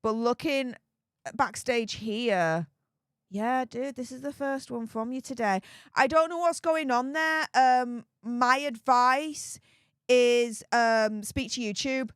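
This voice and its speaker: A woman's voice: on the high side, slow, smooth, no room sound, studio quality. A woman with a Yorkshire accent hosting a casual livestream, reading viewer messages with chatty, laughing, sarcastic asides. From Yorkshire, England.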